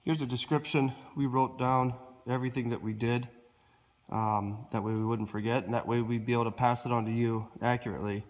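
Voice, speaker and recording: A man with a cold, sounding rough and nasal, filming himself with a handheld camera while casually explaining a car repair, hesitant and apologetic. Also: medium pitch, fairly quick. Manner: relaxed, hesitant, apologetic asides. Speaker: DIY car mechanic. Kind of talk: casual how-to walkthrough.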